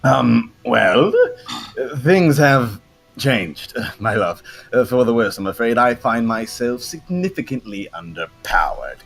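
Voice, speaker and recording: Dude doing a cranky demon guy yelling from off mic, lively swings, faint music. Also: mid-range voice, slow pace, gravelly, heavily acted. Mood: sheepish. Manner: angry, swearing shouts. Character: cocky male fire demon, irritable.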